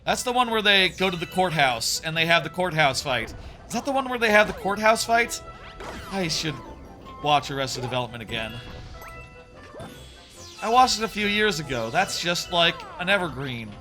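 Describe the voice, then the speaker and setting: A man's voice: sits high, big pitch swings, moderate pace, bright, forceful tone. A man in his thirties chatting casually on a live stream while he plays, rambling with many fillers and restarts. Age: 30s. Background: faint game music.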